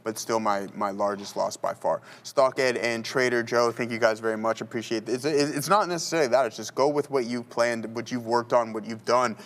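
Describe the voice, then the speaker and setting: A man's voice: mid-range voice, fairly quick, hardly any pauses, fairly bright tone. Chatty man calling live trades. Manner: chatty, calls out viewers, talks through trades. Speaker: day trading stream host. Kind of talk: casual live trading commentary.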